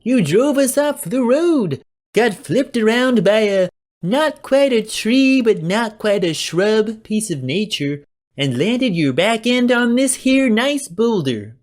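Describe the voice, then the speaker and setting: Man doing yelping excitable henchman Tommy. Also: takes it slowly, heavily acted. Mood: frantic, excited. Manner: high-pitched, loud and yelping.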